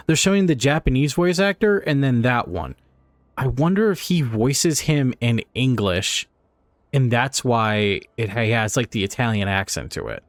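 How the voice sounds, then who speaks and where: A man's voice: mid-range voice, no room sound. A man giving casual, rambling let's play commentary, laughing and swearing as he goes. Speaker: streamer.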